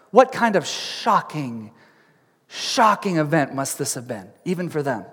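High-voiced pastor in a reverberant hall. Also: male voice, a little slow, slightly rough. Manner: animated storytelling, acting out crowd voices; chatty, with fillers and asides. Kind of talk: sermon.

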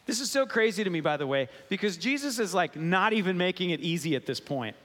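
A pastor gives a sermon in a chatty, playful manner, tossing asides to his congregation. His man's voice sits a little high, and his words ring out through the long reverb of a church sanctuary. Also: animated, fast talker, a bit bright. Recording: long reverb of a large hall.

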